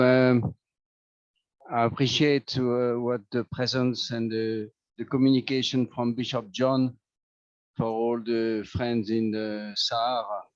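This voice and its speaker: A religious brother with a mid-range voice politely asks a question and pauses on fillers. His audio is dry and dull, with no room sound. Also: mid-range voice, darkish tone, no echo. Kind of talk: asking a question on a video call.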